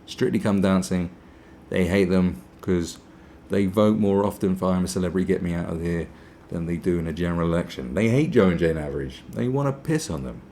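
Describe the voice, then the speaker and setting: A man's voice: sits low, fairly quick, hardly any pauses, mellow, a little hiss or hum. A man from Britain hosting a podcast, ranting sarcastically, swearing and mimicking people in mocking voices. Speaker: podcast host. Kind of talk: opinionated podcast monologue.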